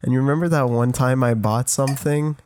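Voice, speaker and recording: A man with a mid-pitched voice rambles through a goofy story on a podcast, tripping over his words. Heavy hiss and stray clicks sit under his voice. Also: fairly even intonation, fairly quick. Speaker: podcast host. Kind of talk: casual chat.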